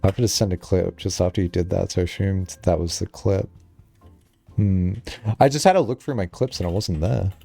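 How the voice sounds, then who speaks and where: A man's voice: sits low, fairly quick, gravelly, dark tone, faint music behind. A young man streaming a game, chatting casually and rambling, with frequent giggles and lots of filler words. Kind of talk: casual live-stream chat.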